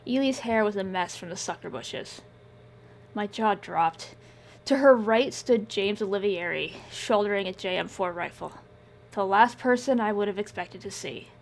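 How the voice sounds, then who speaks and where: A woman reading first-person scripted fiction in a measured, subdued way. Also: medium pitch, gravelly, slight background noise. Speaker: audiobook narrator.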